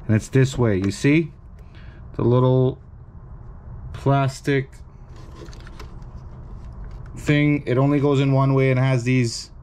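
Male repair tech narrating a step-by-step tutorial at a workbench; relaxed, emphatic on cautions, faint hiss behind. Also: medium pitch. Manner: casual, instructive, emphatic about warnings. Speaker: repair technician.

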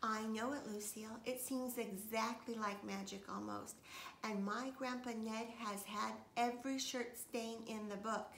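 A woman voicing a scheming, dramatic little boy who often drops to a hush, read from a storybook. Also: fairly high pitch, fairly even intonation, a little slow, creaky. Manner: hushed and secretive at times. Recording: echoey room, faint noise.

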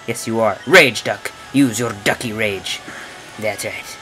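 A man's voice: normal speed, faint music behind, low-quality recording. A young man playing a video game and commenting as he goes, joking and trash-talking the characters on screen. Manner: joking, trash-talks game characters, lively swings of pitch. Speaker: let's play gamer. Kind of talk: playthrough commentary.

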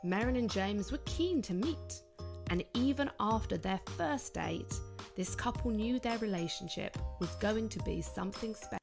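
A woman's voice: mid-range voice, expressive, moderate pace, creaky. Woman narrating a feature over music. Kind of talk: scripted narration.

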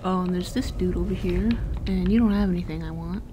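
A woman's voice: on the low side, steady tone, fairly quick, warm tone, slight background noise. A woman streamer giving casual, playful commentary while playing a game, giggling and swearing freely. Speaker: gameplay streamer.

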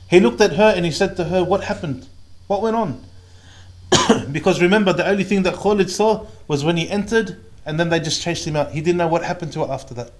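A man in his thirties with an Australian accent, a preacher telling a dramatic story in a sermon, earnest, dropping to a hush on pious asides. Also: on the high side. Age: 30s. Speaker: Islamic preacher.

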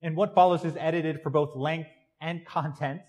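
A man's voice: on the high side, fairly even intonation, normal speed, darkish tone. An American man, a priest, giving a conversational Christmas Eve sermon in a church, joking with the congregation. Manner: conversational and joking, with tag questions.

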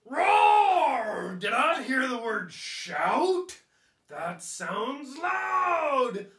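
A woman voicing an excitable young male lion who loves being loud, who roars and talks slowly and boomingly. The voice sounds roomy and a little distant from the mic. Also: exaggerated voice. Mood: excited. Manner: roaring, slow and booming.

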